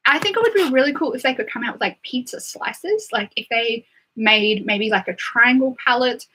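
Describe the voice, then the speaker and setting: Aussie girl livestreaming, chatty, says like a lot, highish bright voice. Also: animated, normal speed, slight background noise, low-quality recording. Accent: Australian. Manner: chatty, full of "like" and "um" fillers. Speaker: beauty livestreamer. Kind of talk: casual live stream chat.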